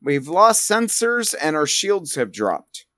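A man voicing a male starship officer who gives crisp, formal reports in a put-on accent. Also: a little high, sing-song, takes it slowly, a bit bright, dry recording, voice pushed up, full character voice. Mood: alarmed. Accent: accidental put-on accent.

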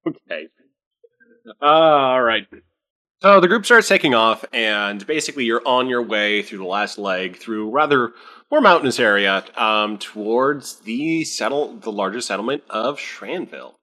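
A man's voice: mid-range voice, lively intonation, unhurried, pushed and bright. A man running a tabletop game as game master, narrating loosely with lots of fillers and restarts. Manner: loose, filler-heavy, restarts mid-sentence.

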